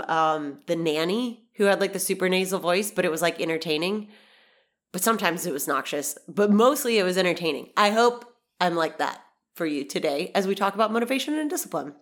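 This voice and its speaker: A woman's voice: fairly low pitch, expressive, normal speed. A woman in her thirties hosting a podcast in a casual monologue, bubbly and chatty, with a stuffy, nasal voice from allergies. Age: 30s. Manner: bubbly, chatty, swears casually, laughs often. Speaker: podcast host.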